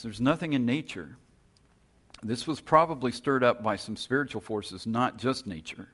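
A man teaching a sermon in a relaxed, storytelling way, often restarting his phrases. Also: on the low side. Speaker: preacher.

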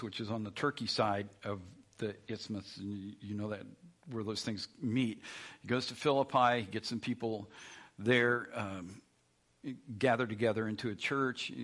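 Guy giving a sermon, low husky voice, chatty and loose. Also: a bit bright. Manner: conversational, with frequent restarts and asides. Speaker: pastor.

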